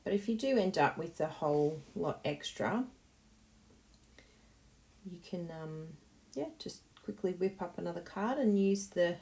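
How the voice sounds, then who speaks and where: Low gravelly woman crafting host. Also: animated, a little slow, pauses often, darkish tone. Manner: chatty and encouraging, thinking aloud. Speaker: card-making tutorial host. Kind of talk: casual tutorial talk while crafting.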